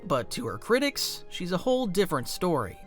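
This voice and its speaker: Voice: medium pitch, sing-song, fairly quick, soft background music. A narrator reading a scripted online documentary in a punchy, conversational storytelling manner.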